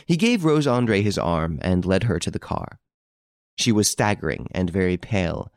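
Male audiobook narrator, low voice, lively intonation, dry close sound. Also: normal speed, vocal fry, dry recording. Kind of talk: scripted narration.

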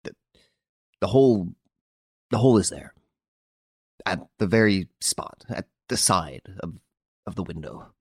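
A man reading an audiobook, voicing a proud, excitable middle-aged count who turns petulant and stammering. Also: low voice, normal speed, dry recording, studio quality. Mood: shaken. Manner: petulant, then stammering and shaken.

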